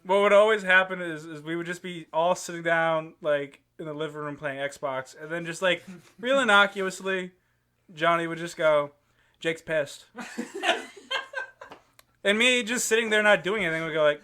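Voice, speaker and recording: A man's voice: fairly high pitch, normal speed, bright, forceful tone, clean tone. A young man telling stories on a casual podcast chat, laughing often as he talks. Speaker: podcast co-host.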